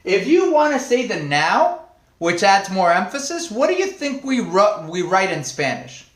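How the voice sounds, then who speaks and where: Animated male Spanish teacher, echoey room. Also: high-pitched, moderate pace. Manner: animated, playful, reads and answers viewers' comments. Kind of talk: live online language class.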